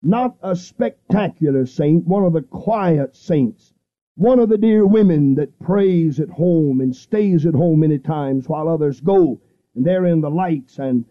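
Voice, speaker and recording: High-voiced fervent radio preacher man. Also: expressive, phone-quality sound. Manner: fervent, repetitive preaching with emphatic pauses. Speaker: radio evangelist. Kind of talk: radio sermon. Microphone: studio microphone, seated.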